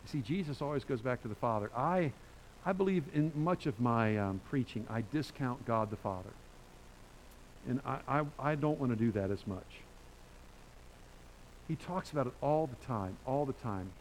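A man preaching a sermon as pastor, conversational and emphatic, with sudden loud bursts. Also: medium pitch, expressive, normal speed, slight background noise, poor audio.

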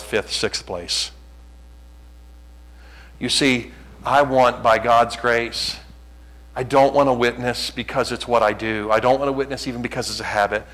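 A male pastor preaching a sermon, earnest and pleading, acting out conversations in animated bursts. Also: medium pitch, rough recording.

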